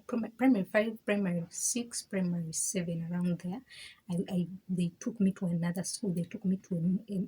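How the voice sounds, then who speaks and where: A woman's voice: mid-range voice, husky. A young woman, telling her story in a casual personal video, laughing and acting out other people's words. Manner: animated, laughing, acts out quoted voices. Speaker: vlogger.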